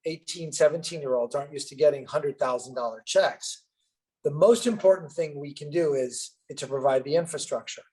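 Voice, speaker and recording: A middle-aged businessman, a podcast guest, telling an anecdote in an animated way and acting out both sides of the dialogue. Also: on the high side, slightly rough, rough recording. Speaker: guest entrepreneur. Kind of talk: storytelling interview answer.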